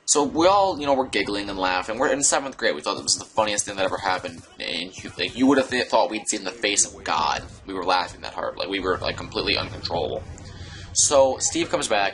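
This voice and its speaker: Young male vlogger, lowish bright voice, rambling storyteller. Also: brisk. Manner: rambling, digressive, animated delivery. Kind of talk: casual storytelling to camera.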